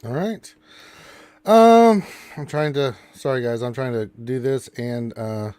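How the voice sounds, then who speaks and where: A man's voice: mid-range voice, takes it slowly, a little mellow, clear, resonant tone, dry recording. Distracted man hosting a gaming stream. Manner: distracted, exclaiming while playing a game. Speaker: live stream host. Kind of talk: casual gaming stream chat.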